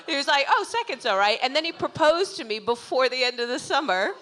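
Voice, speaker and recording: A woman's voice: high-pitched, very animated, fairly quick, pushed and bright, a little hiss or hum. A woman guest telling a frank, laughing confession on stage at a live comedy show.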